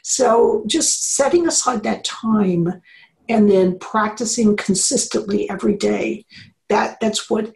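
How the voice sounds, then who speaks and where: A middle-aged woman who is an engineering professor explains things animatedly in a conversational interview, acting out little quoted voices. Her voice is on the high side and gravelly, and the audio quality is poor.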